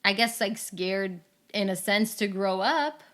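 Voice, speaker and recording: Bright-voiced young woman, casual podcast chat. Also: mid-range voice, measured pace. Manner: laughing, animated, slips into put-on phone voices. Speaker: podcast co-host.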